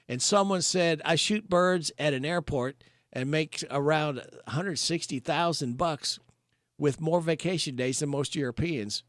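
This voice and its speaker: A man's voice: on the high side, dry recording. A man hosting a live radio show, joking as he reads off listener comments from a studio mic. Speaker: radio host.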